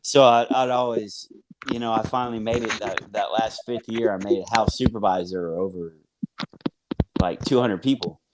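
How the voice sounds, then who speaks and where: Laid-back Southern man with a low voice. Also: normal speed, over a noisy crowd. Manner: rambling, filler-heavy, says "man" and "y'all". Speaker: guest sharing recovery story. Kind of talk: casual conversational storytelling.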